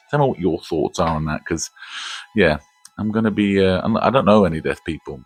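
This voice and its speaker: A man's voice: deep voice, fairly quick, slightly rough, no room sound, soft background music. A man hosting a casual movie review, rambling, laughing often and swearing casually.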